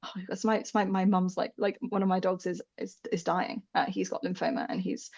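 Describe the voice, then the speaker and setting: A woman's voice: fairly low pitch, flat delivery, a little fast, creaky, darkish tone, highs cut off. A woman dog behavior expert speaking candidly and with animation as a guest in a casual interview, swearing freely and often laughing.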